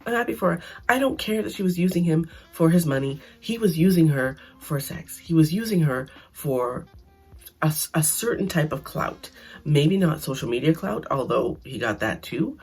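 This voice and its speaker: A woman giving a casual, opinionated recap of a reality show, animated, blunt and sarcastic. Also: deep voice, normal speed, husky. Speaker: reality TV commentator.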